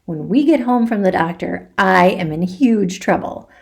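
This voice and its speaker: A woman reads a children's chapter book aloud at an unhurried pace, with an expressive storytelling manner. Her pitch sits in the middle of the range. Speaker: teacher reading aloud.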